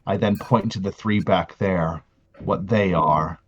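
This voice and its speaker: A man playing his character in a tabletop game, speaking earnestly and haltingly, often restarting his sentences. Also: low-pitched, dull audio. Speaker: player.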